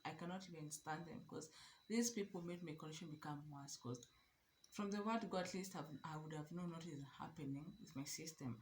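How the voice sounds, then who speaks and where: A young Kenyan woman telling her own story to camera in an animated, emphatic way, slipping Swahili phrases into her speech. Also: sits low, slight background noise. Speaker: vlogger.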